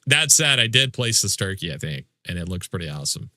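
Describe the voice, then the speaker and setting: Man, livestreamer, casual chat with viewers, joking fake outrage, swears a lot, very bright edgy tone, dry close sound. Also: deep voice, very animated, brisk, dry recording. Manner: mock-indignant, joking complaints, swears freely.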